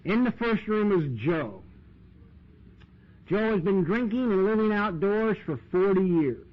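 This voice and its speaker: Heard on a hissy, dull 1990s tape, this American man shares stories at a recovery meeting in an unhurried, animated, high-pitched voice. His chatty delivery is loaded with "you know" and "man."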